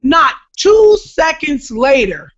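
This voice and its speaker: A woman comedian from New Jersey, telling an animated, emphatic story as a podcast guest. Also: high voice, slow. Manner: animated, emphatic storyteller who shouts at the punchlines. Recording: dull lo-fi podcast recording.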